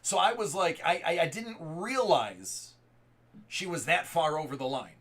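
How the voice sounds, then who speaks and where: A man in his thirties with a bright, forceful voice, telling a personal story to a live chat. He rambles and restarts his sentences often. His pitch sits a little high for a man. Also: expressive, measured pace. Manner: rambling, restarts and repeated words. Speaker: live stream host.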